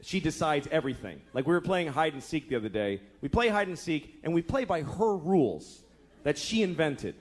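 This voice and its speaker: A man in his thirties doing a stand-up comedy set, profane and exasperated, acting out characters in quick asides. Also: on the high side, lively intonation. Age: 30s.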